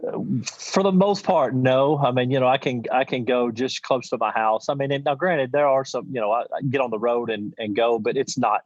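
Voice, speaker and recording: A man's voice: mid-range voice, normal speed, hardly any pauses, dry recording. A middle-aged man, telling a hunting story in a folksy, rambling way full of restarts. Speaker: podcast guest, champion goose caller. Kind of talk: casual storytelling. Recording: dull lo-fi dry sound.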